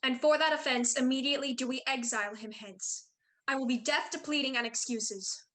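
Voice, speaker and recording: A woman's voice: sits high, fairly quick, a bit bright. A woman playing a stern, commanding prince in a video-call staged reading.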